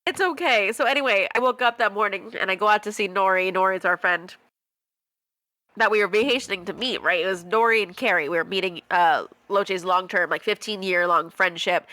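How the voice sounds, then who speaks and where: A young woman co-hosting a podcast, telling a story in casual chat, animated, laughing often and acting out quotes in high voices. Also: dry recording. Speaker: podcast co-host.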